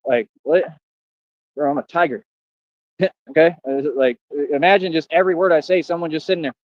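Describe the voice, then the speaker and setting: Fast-talking confrontational man. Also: a little high, no room sound, dull audio. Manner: confrontational street slang. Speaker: livestream host. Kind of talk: livestream rant.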